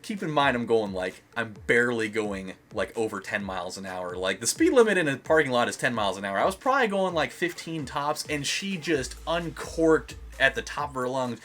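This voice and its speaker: A man's voice: mid-range voice, animated, normal speed, few pauses, fairly bright tone. A young man giving casual gameplay commentary as a let's play host, rambling with lots of fillers and swearing.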